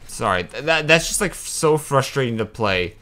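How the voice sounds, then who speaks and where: A young man giving casual, excitable commentary over a video game, venting his frustration and swearing. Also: mid-range voice, moderate pace. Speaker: gaming channel host.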